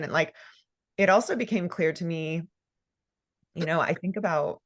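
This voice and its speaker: A woman's voice: on the low side, normal speed. A woman hosting a podcast interview, talking in an emotional, fervent way and laughing often. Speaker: podcast host. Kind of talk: casual conversational interview.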